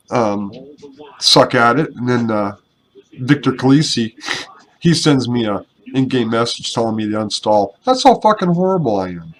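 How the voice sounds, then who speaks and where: A man's voice: mid-range voice, rough recording. A young man casually commenting over gameplay, rambling and self-deprecating, with casual swearing, speaking into a headset at his computer. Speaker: gaming YouTuber and clan member.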